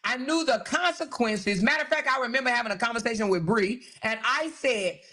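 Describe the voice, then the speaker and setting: A woman hosting a livestream, ranting in an exasperated, animated way, mocking others in quotes and reading chat aloud. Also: fairly high pitch, normal speed, few pauses. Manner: reads live chat aloud. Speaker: host. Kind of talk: livestream commentary.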